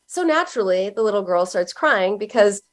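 A middle-aged woman psychoanalyst talking casually as an interview guest, animated and laughing as she tells stories. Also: medium pitch, brisk. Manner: animated storyteller, acts out quoted voices with a laugh.

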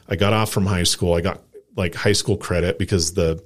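Deep-voiced man telling a rambling story. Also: fast, a little mellow. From Colorado, USA. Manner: rambling anecdote with lots of "like" and acted-out quotes. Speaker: podcast co-host. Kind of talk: casual storytelling chat.

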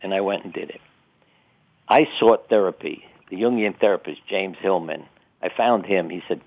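A man's voice: deep voice, moderate pace. An older man being interviewed, telling personal stories in a reflective, chatty way with wry laughs at himself. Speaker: guest. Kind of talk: interview storytelling. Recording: tinny phone-line sound.

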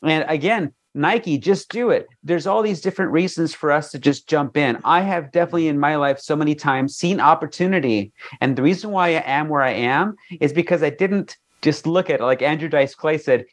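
A man's voice: a little high, expressive, normal speed. A man speaking as an interview guest in an earnest, motivational way. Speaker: guest, jewelry designer. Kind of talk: interview talk.

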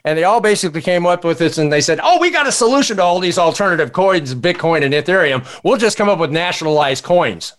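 An older man hosts a casual panel talk, his voice a touch high and swinging widely up and down. He tells stories with lively energy and checks in with his guests as he goes. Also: quick pace, hardly any pauses. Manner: animated storyteller, acts out voices in anecdotes. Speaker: host.

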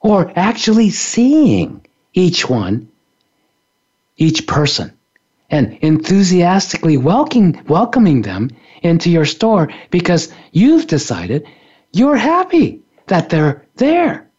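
A man's voice: sits high, big pitch swings, slow pace, darkish tone, slightly rough, lo-fi sound. A man, an author and spiritual teacher, giving a playful, reflective talk on a radio show and laughing often. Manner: playful, laughs often, acts out little scenes.

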